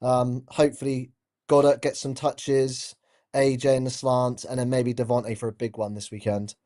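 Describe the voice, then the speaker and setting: A man's voice: medium pitch, level tone, normal speed, dark tone. A man from England with a Southern English accent, calling in to a sports talk show and chatting in an easygoing, modest way. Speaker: caller. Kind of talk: casual call-in chat.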